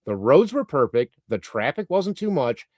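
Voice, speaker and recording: A male live-stream host who rambles through viewer comments with casual swearing and an offhand, irreverent manner. His mid-range voice moves a lot in pitch and stays animated. The sound is dry and close, with no room echo. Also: moderate pace. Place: lives in Canada.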